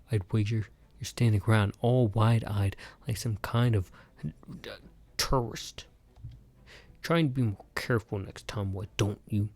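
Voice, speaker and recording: A man's voice: lowish voice, darkish tone, dry recording. A man voicing a sneering cat-headed merchant. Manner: sneering, scolding. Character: towering cheetah-headed male merchant, rude.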